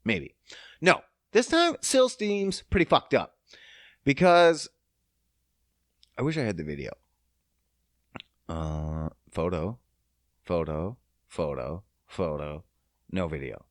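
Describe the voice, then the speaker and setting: A man's voice: low-pitched, sing-song, slow, pauses often, dry recording. A man hosting a podcast, ranting in a casual, profane and sarcastic monologue on a close mic. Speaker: podcast host.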